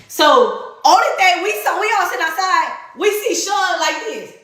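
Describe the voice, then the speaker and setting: Woman spilling a wild story, voice way up high and swooping all over, cussing and laughing, super echoey room. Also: normal speed. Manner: animated, profane, laughs while telling. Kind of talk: casual storytime.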